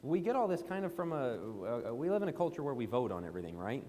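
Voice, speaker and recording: A man's voice: medium pitch, big pitch swings, fast, warm tone. A man preaching a sermon in a church auditorium, emphatic and pressing indignant questions. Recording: long hall reverb.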